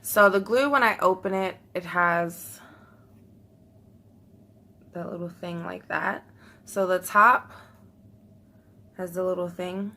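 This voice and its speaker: A woman's voice: lowish voice, unhurried, long pauses, pushed and bright, slight background noise. A young woman chatting to her viewers while trying something new at home, nervous, laughing often and talking straight to the camera. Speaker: vlogger. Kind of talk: casual beauty vlog chat.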